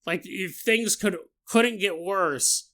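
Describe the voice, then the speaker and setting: A man hosting a podcast, retelling a story in a casual, animated way with joking asides. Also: high-pitched, takes it slowly. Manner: animated, jokey, laughs at own asides. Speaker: podcast host.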